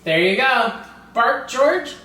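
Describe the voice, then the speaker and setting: A woman's voice: fairly high pitch, expressive, slow pace, bright, forceful tone, a little hiss or hum. Playful woman reading to kids. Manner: playful sing-song storyteller, talks straight to children. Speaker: children's program host. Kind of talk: storytime reading and cooking demo for kids. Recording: roomy, distant mic with music behind.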